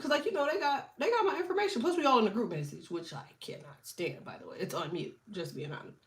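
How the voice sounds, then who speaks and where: A woman's voice: on the high side, expressive, fast talker, fairly bright tone, slight background noise. A woman in her thirties with allergies, chatting casually and animatedly as a livestream host, joking, swearing and laughing often.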